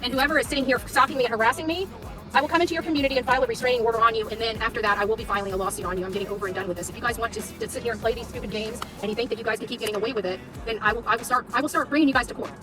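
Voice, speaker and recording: Woman, confrontational live-stream rant, quick talker, heard from a distance with music behind. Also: a little high. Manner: heated, confrontational, repeats taunts. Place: in a car in traffic.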